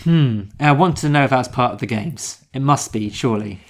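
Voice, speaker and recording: A podcast co-host with a mid-range voice, talking through a film in relaxed conversation. The delivery is wry and joking, with asides and frequent laughs. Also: mid-range voice, moderate pace. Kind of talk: casual chat reviewing a film.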